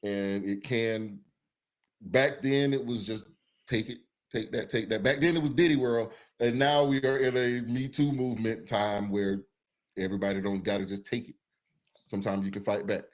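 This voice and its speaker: A man co-hosting a casual podcast, talking in a relaxed way with repeated, drawn-out phrasing. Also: mid-range voice. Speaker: podcast co-host. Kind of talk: casual chat.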